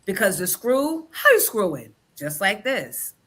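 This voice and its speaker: Bright animated woman hosting a chat show. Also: mid-range voice, a little slow, slight background noise. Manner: animated, profane, laughs while telling stories. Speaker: show host. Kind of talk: casual chat show storytelling.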